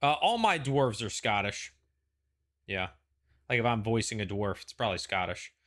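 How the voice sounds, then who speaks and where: A man with a bright, forward voice hosts a casual pre-show chat. He rambles and hedges as he talks, easy and conversational. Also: fairly low pitch, very animated, normal speed. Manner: rambling, hedging, chatty. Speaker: show host.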